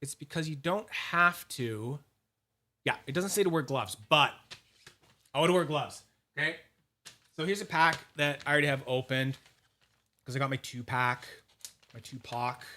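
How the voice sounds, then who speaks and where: With a medium-pitched, sharp voice, a fidget collector channel host shows off polishing during a casual livestream, calling out viewers' names from the chat. He rambles and swears, often restarting, using fillers, and tossing in quick asides.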